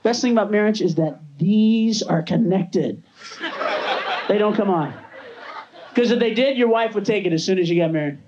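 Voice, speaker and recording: A man's voice: high-pitched, normal speed, pauses often. A man performing a stand-up routine, talking to the crowd and breaking into screaming rants. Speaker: stand-up comedian. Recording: dull lo-fi 1980s TV tape with loud crowd and hiss. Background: audience laughter.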